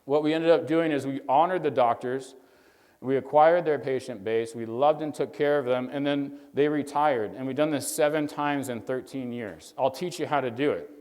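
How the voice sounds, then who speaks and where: Brief: man, mid-pitched, earnest storyteller addressing young doctors from a stage, long hall reverb. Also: normal speed, a little mellow. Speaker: chiropractor speaking to young doctors. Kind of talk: motivational stage talk.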